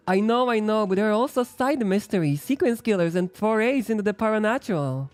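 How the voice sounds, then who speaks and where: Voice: medium pitch, lively intonation, a little fast, hardly any pauses, no room sound, soft background music. A streamer giving casual, joking, chatty commentary while playing a game.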